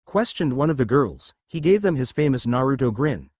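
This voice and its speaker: A man reading out a fan-fiction story as scripted narration, with a lively, animated delivery. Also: medium pitch, moderate pace, no room sound.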